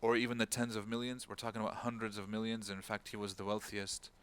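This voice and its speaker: The speaker, a man with a lowish, fairly bright, clear and resonant voice, talks fast with a flat delivery. He's an imam in a casual talk-style religious lecture, narrating a story, raising his voice to act out its people, and adding Arabic words and phrases.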